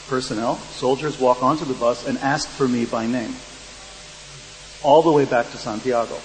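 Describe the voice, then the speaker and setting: Man, mid-range voice, wry panel storyteller, reverberant hall with a faint hum. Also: medium pitch. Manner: dry, wry storytelling with quoted dialogue. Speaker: panel speaker. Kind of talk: storytelling anecdote to an audience.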